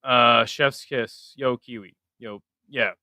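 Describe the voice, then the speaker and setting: A man's voice: medium pitch, steady tone, takes it slowly, sharp tone, no echo. A man hosting a casual live stream who swears, mocks himself and mutters while fiddling with his setup. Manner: profane, self-mocking, mutters to himself. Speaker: livestream host.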